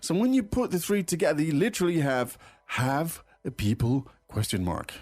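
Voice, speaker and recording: A man hosting a language lesson, explaining phrases in a relaxed way with fillers and restarts. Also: on the high side, moderate pace. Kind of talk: casual teaching chat.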